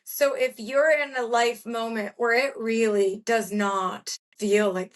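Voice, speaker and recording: Woman, bright higher voice, podcast host, frank and chatty, asks blunt questions. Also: measured pace, hardly any pauses. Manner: frank, blunt, uses fillers like "like". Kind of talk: casual chat, asking questions.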